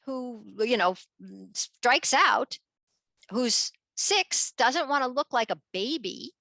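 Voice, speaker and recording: A woman with a fairly high, bright, gravelly voice, talking animatedly as an interview guest. She breaks into quick playful voices for the kids she describes. The sound is close and dry. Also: no echo. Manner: lively, acts out children's voices with big pitch jumps.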